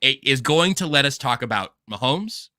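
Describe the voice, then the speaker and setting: A man's voice: medium pitch, animated, moderate pace, pushed and bright, no echo, clean studio sound. A man hosting a casual sports podcast, rambling and joking in a self-deprecating way. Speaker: podcast host.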